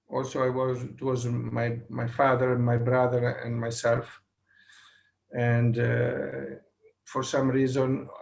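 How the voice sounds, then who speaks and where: A man in his sixties with an Italian accent, whose first language is Italian, telling a personal story at a satsang over a video call, halting and full of fillers and restarts. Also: mid-range voice, gravelly. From Italy. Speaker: satsang guest.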